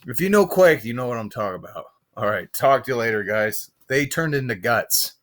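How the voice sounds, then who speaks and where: A man's voice: mid-range voice, animated, a little fast, fairly bright tone. A man casually commenting on his own gameplay for viewers, trash-talking the enemies in a loose, joking way. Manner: addresses viewers directly.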